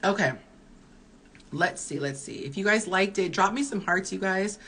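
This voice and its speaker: A woman's voice: mid-range voice, normal speed, fairly bright tone, a little hiss or hum. A woman in her early forties, a dating coach, giving candid advice in a chatty live-stream Q&A while reading viewer comments aloud. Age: early 40s.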